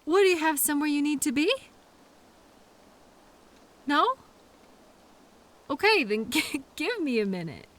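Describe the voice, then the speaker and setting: A woman's voice: sits high, very animated, measured pace, pauses often. A young woman performing a scripted audio role-play as a coworker who finds the listener in a blizzard, fussy and scolding, then apologetic, with quirky mild exclamations.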